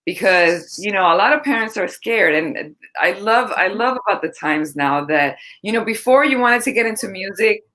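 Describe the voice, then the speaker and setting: Woman host, middle pitch, encouraging, asks open questions in a casual chat. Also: expressive, moderate pace, few pauses, bright, forceful tone.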